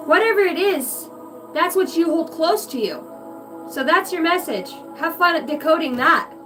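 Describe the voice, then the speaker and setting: A woman's voice: extremely high pitch, animated, moderate pace, distant mic, music in the background. A woman giving a rambling, profane channeled reading to her viewers, free-associating and giggling at herself. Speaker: psychic reader on a livestream.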